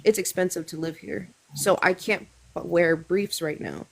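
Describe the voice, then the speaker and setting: A woman's voice: lowish voice, fairly even intonation, measured pace, vocal fry. A young woman speaking as a guest on a live talk show, frank and earnest, with plenty of fillers and restarts. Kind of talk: candid casual chat.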